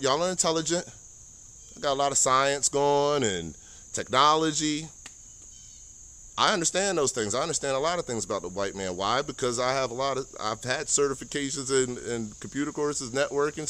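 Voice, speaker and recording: A man's voice: medium pitch, fairly bright tone. A man from the United States, an army veteran with an American accent, speaking in an earnest, impassioned monologue while standing, repeating himself and stumbling over words. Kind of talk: impassioned personal monologue to camera.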